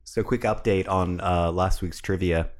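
A man's voice: low voice, fairly even intonation, unhurried. A man co-hosting a podcast in casual chat, rambling with chuckling asides. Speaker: podcast co-host. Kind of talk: casual chat over a movie watch party.

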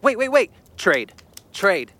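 A woman's voice: medium pitch, sing-song, slow, fairly bright tone, full character voice. A woman voicing a nerdy young man who pleads eagerly. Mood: pleading.

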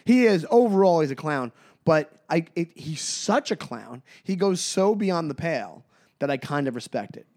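A man co-hosting a comedy podcast, animated and quick to laugh, often stumbling and restarting his sentences. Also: on the high side. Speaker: podcast co-host. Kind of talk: casual comedic chat.

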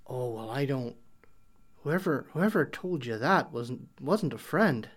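A man voicing a nervous, kindly tavern local who stammers and talks in a folksy way, sometimes dropping to a hush. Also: medium pitch, animated, unhurried. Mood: wary.

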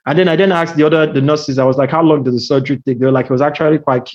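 A man in his thirties with a Nigerian accent, chatting casually and telling a story with quick asides and restarts. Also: on the high side, fairly even intonation, a little mellow. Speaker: podcast co-host. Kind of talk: casual chat. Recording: dull lo-fi audio.

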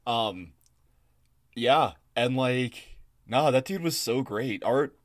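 Male co-host, rowdy and teasing, swears freely, mid pitch, dry close mic. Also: animated, slow, no echo. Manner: boisterous, profane, teasing. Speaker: podcast co-host. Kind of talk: casual chat.

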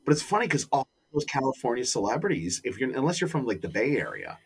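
A man's voice: medium pitch, sing-song, quick pace, vocal fry, husky. A man in casual chat, chiming in with questions and asides. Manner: chatty, jumps in with asides and questions.

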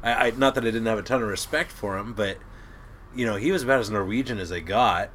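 A middle-aged man, a crab boat captain, telling stories in a casual, gruff and animated way. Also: fairly low pitch, quick pace, slight background noise. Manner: gruff, animated storyteller who laughs at his own tales. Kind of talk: casual storytelling.

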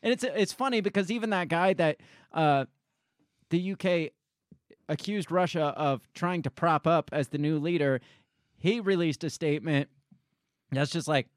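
A man's voice: on the high side, moderate pace, no echo, clean studio sound. A man from the United States co-hosting a casual political talk show, reading news articles aloud and mocking the officials he quotes. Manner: conversational, sarcastic, mocks quoted officials in put-on voices. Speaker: podcast co-host.

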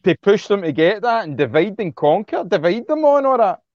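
Heated man, higher voice. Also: very animated, fairly quick, no echo, lo-fi sound. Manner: blunt, heated, swears freely, repeats words when worked up. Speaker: interview guest. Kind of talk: impassioned casual interview talk.

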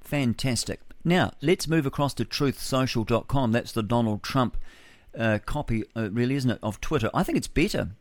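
A New man hosts a breakfast radio show on his own, wandering from thought to thought and tossing in rhetorical questions and chuckles. His voice sits at a middling pitch. The sound is close and dry, with no room around it. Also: lively intonation, normal speed, no echo. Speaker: radio host. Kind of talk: solo breakfast radio talk, reading news aloud. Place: home studio with a window.

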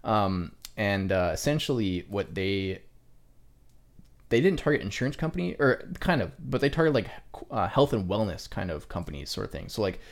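Casual lower-voiced male podcast host. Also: sing-song, moderate pace. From Canada. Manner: rambling, filler-heavy, swears casually. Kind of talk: casual chat.

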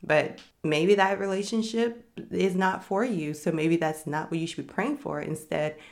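Speaking at a moderate pace in a fairly low-pitched voice, a young woman talks frankly and thoughtfully on her faith podcast. As host, she reflects on her personal experience.

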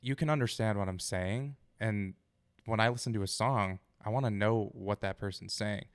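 Smooth-voiced, low man. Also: normal speed, dry recording, studio quality. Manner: candid, relaxed, occasional swearing. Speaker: musician guest. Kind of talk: casual interview.

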